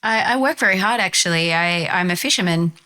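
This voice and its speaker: A woman voicing a relaxed, easygoing male village fisherman who gives calm, puzzled replies. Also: on the low side, brisk, clear, resonant tone.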